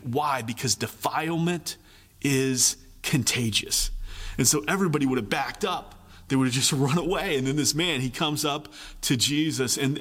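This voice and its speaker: Animated male preacher in a reverberant hall. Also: a little high. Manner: animated, repeats phrases for emphasis, acts out voices. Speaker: pastor. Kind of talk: sermon.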